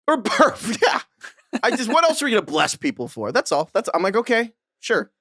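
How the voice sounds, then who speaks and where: A man's voice: high voice, huge pitch swings, fairly quick, sharp tone, dry recording, studio quality. A young adult man co-hosting a podcast, chatting casually, swearing and laughing often. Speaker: podcast co-host.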